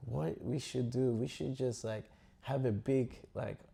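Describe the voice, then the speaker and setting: A man voicing a sly warrior adviser who quietly plots to mock his rivals. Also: mid-range voice, a little slow, gravelly. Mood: scheming.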